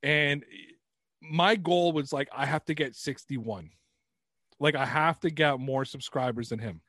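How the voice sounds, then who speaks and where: A Canadian man guesting on a podcast rambles through casual, animated stories, swearing frequently. His fairly high-pitched voice is unhurried, captured in studio quality with no room sound.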